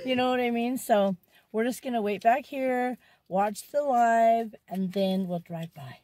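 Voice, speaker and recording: A woman's voice: on the high side, moderate pace, warm tone. Upbeat mom vlogger, chatty and playful, talking from her parked car. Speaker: vlogger and mother. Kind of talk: casual family vlog chat.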